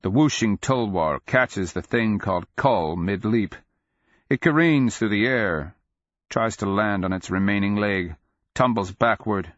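A man narrating a fantasy audiobook in a measured, grave, deliberate way. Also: on the low side, no room sound. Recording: dull lo-fi audio.

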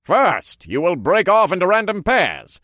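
A man's voice: high-pitched, wildly swooping pitch, pushed and bright, no room sound, clean studio sound, voice pushed up, heavily acted. A man voicing a showy male tournament announcer who draws out his grand proclamations. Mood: grandiose. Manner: theatrical, drawn-out proclamations. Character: booming showman announcer of a fighting tournament, male. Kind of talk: audiobook character voice.

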